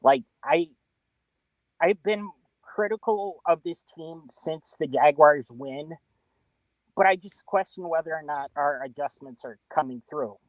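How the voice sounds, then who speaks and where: Hesitant male caller, stammers, somewhat high voice, dry sound. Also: unhurried, no room sound, poor audio.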